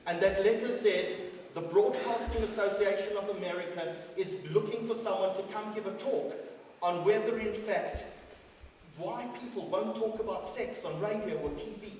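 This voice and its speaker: A man's voice: high voice, far from the mic, a little hiss or hum. Man speaking in an echoey hall. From South Africa. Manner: dramatic storyteller, swings between loud and quiet. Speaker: guest speaker. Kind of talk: storytelling speech. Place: large school hall.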